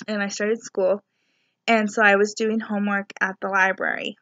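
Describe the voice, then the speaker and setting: A woman's voice: mid-range voice, level tone, normal speed, pushed and bright, dry recording, lo-fi sound. A young woman telling a rambling personal story to camera, chatty and full of fillers and asides. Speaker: spiritual vlogger, student. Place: her apartment.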